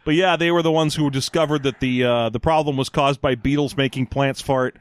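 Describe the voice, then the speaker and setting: A man's voice: medium pitch, fairly even intonation, a little fast, no echo. A man co-hosting a podcast, chatting casually and joking as he recaps a story. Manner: jokey, rambling, laughs often. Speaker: podcast co-host.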